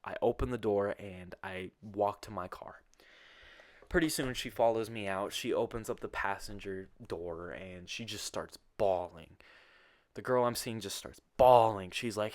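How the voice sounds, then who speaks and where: A young man casually telling a personal story, with animated, profane delivery and imitated voices. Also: on the low side, a little slow, no room sound.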